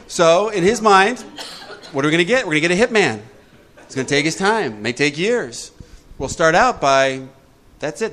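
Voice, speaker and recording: A man leading a recovery group talk, lively and joking, acting out little voices as he explains. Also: fairly high pitch, a little hiss or hum. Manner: lively, jokey, acts out voices. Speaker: recovery workshop speaker.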